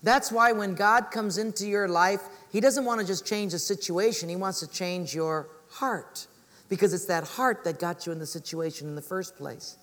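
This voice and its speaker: A man's voice: high voice, normal speed, a bit bright, in a large hall. A man preaching as a pastor, telling stories and acting out the voices of the people in them. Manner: storytelling, acts out voices of people in his stories. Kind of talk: sermon.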